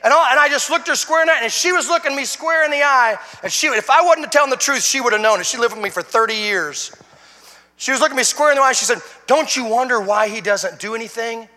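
A middle-aged man giving an emotional sermon testimony as a guest speaker, swinging from hushed to shouting. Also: very high voice, quick pace, long reverb tail.

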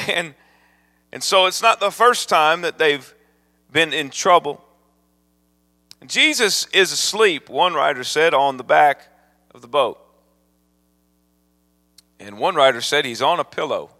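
Male guest evangelist, fervent sermon delivery, high and bright, big reverberant hall. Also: slow, pauses often. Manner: builds from calm storytelling to fervent preaching.

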